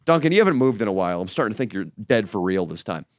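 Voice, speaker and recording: A man's voice: fairly low pitch, racing, no room sound. A man co-hosting a podcast, telling a comic story and acting out the people in it with raised voices, in a studio on a studio mic. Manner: animated, acts out characters in raised voices. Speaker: podcast co-host. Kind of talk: comedic storytelling. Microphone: studio microphone.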